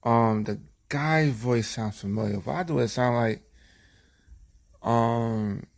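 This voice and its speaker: A man's voice: mid-range voice, slow, vocal fry. A man from Brooklyn with a New York accent, calling in with easygoing, rambling slang. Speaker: caller. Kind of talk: casual call-in chat.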